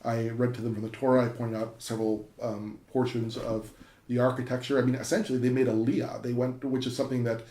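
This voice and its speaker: A man in an interview, an enthusiastic professor spinning a long story, his words tumbling out with ums and restarts. His voice sits at an ordinary middle pitch. It rings in an echoey room. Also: level tone, fast, dark tone, slight background noise. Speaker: university professor. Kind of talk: interview conversation.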